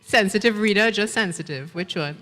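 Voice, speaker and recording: A woman author from Trinidad with a Trinidadian accent, reading her fiction and answering questions in a measured, thoughtful way. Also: mid-range voice, a bit bright. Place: festival stage in a large hall. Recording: long reverb in a large hall.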